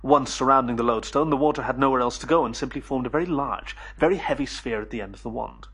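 Husky male audiobook narrator. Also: mid-range voice, fairly bright tone. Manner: measured, storytelling. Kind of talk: first-person audiobook narration.

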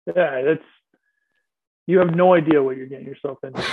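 A man guest telling relaxed, rambling stories about his playing days in a casual interview. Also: fairly high pitch, normal speed, slightly rough, no echo. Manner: relaxed, rambling anecdotes with fillers. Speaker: guest, former player. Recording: tinny phone-like line.

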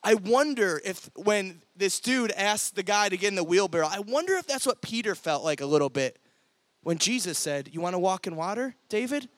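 Young guy youth pastor, high voice, animated storytelling sermon, super dry sound. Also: normal speed, dry recording. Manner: energetic storytelling, acts out quoted voices.

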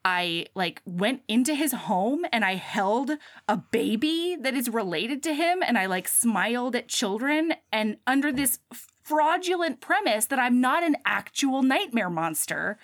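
A woman casually retelling a book's plot, acting out the characters' lines in quick bursts. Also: a little high, no room sound, studio quality. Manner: animated retelling, acts out dialogue. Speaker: podcast co-host. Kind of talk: casual book chat.

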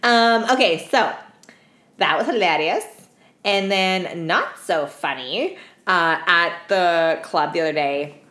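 A woman's voice: fairly low pitch, slow. A young woman co-hosting a podcast, telling stories in casual chat, swearing freely and acting out other people's lines. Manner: animated storyteller, swears freely, acts out customers' lines. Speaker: podcast co-host. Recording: echoey room with faint background hum.

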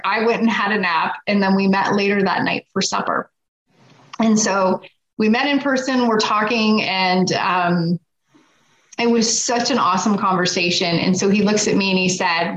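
An animated woman tells a personal story in a relaxed, chatty way and slips into quoted voices as she goes. Her voice is captured in an echoey room on a dull, lo-fi recording. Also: mid-range voice, normal speed. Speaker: guest. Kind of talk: casual storytelling.

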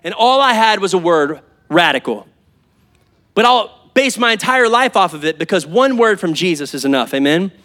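A man in his thirties, a pastor preaching to a live congregation in a church, conversational and animated, calling out to the crowd. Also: high voice, moderate pace. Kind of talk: sermon.

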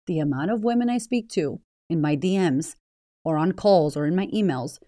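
A woman's voice: fairly low pitch, lively intonation, normal speed, warm tone, no room sound, studio quality. A woman hosting a motivational podcast, blunt, swearing freely and firing rhetorical questions at the listener. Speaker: podcast host.

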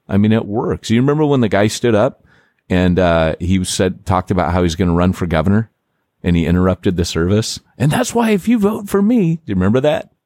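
A deep-voiced man chats on a podcast, animated and loose, peppering his talk with "like" and restarting his sentences. The sound is close and dry, with no room around it. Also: no echo. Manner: animated, filler-heavy, lots of "like" and restarts. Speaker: podcast host and church planter. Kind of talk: casual podcast chat.

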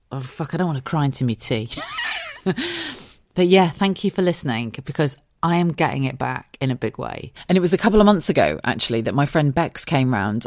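Podcast host: a woman in her forties with a low voice, frank and sweary, recorded dry and close. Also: dry recording. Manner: candid, chatty, swears, goes off on tangents. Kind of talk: casual solo podcast monologue.

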